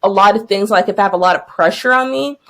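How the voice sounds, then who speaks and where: A woman's voice: medium pitch, fast talker, a bit bright. A young woman co-hosting a podcast, telling stories in a casual, chatty way and laughing often. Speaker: podcast co-host. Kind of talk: casual chat.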